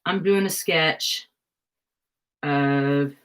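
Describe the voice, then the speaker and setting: Young woman, slightly low voice, casual craft live stream, scatterbrained, self-deprecating, giggly. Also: very slow, fairly bright tone. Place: home craft room.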